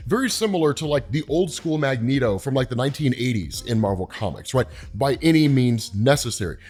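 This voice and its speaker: A man with a husky, medium-pitched voice hosts a comic explainer channel, recapping the story in a loose, chatty style. He keeps tossing in "right?" and "like" while briefly voicing the characters' lines.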